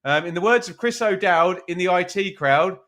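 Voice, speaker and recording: A man's voice: high voice, moderate pace, fairly bright tone. Chatty man hosting a football watch-along. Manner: chatty, self-mocking, reads out viewer names. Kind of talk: casual live-stream chat. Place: his room at home. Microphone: webcam stream at his computer.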